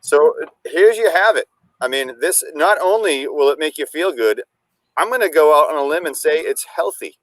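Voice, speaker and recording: A man's voice: on the high side, expressive, normal speed, a bit bright, no room sound. A man co-hosting a casual chat, mixing a drink and talking in an easygoing way with hesitant fillers. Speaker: cocktail-making co-host.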